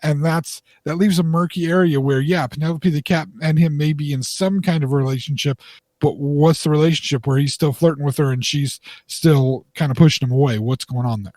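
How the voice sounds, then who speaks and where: A man co-hosting a casual podcast, explaining his view in a measured way with some fillers, close to the mic. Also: a little high, fairly even intonation, darkish tone, no room sound. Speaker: podcast co-host.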